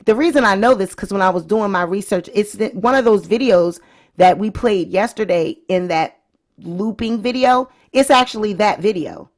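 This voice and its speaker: A woman's voice: medium pitch, normal speed. A woman hosting her own vlog, giving chatty, opinionated commentary straight to her viewers. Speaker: vlog host. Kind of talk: casual celebrity-news commentary.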